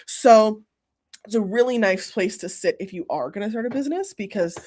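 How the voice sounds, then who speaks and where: A woman's voice: mid-range voice, expressive, a little mellow. A woman hosting a casual interview, talkative and friendly. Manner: friendly, talkative, quick agreements. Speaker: host.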